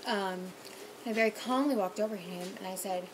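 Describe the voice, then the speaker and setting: A woman's voice: mid-range voice, brisk, background noise. A young woman who works as a server, casually telling a story about a rude customer with lots of fillers. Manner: animated, mimics people in loud quoted voices, many fillers.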